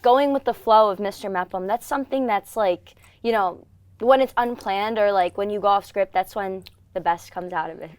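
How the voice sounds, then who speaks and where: A woman's voice: mid-range voice, moderate pace, a little mellow, dry recording. A teenage girl hosting a school broadcast, chatting casually with a guest and filling her talk with "like". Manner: chatty, lots of "like" fillers. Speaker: student show host. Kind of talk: casual chat interview.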